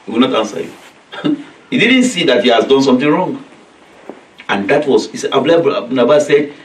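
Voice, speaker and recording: During a weekly study circle, a male religious teacher with a mid-range voice recites Arabic verses and explains them in simple, repetitive English, acting out the voices of children and parents. The recording is echoey, made in a community hall far from the mic.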